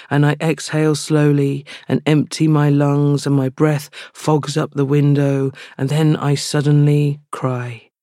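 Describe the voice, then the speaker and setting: A woman, a novelist reading her own prose slowly and then chatting with quick laughter. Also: extremely low pitch, mellow, dry recording, clean studio sound. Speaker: novelist guest. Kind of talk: reading aloud and casual chat.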